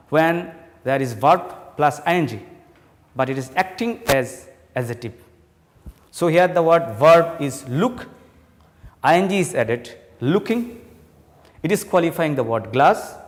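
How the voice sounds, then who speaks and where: A man teaching an English grammar lesson to students, explaining slowly and with emphasis. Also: fairly high pitch. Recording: long hall reverb.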